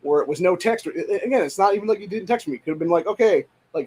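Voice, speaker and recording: A man's voice: high-pitched, expressive, racing, hardly any pauses, darkish tone, slightly rough. A young man at home, ranting in a casual, profane, exasperated way with lots of repetition. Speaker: podcast host. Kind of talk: casual rant.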